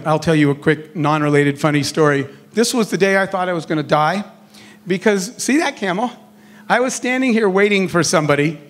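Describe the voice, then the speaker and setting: A middle-aged man with a notably high voice for a man delivers a motivational speech. He tells his stories in a lively way and plays out each exchange of dialogue. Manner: animated storyteller acting out dialogue. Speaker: keynote speaker on entrepreneurship.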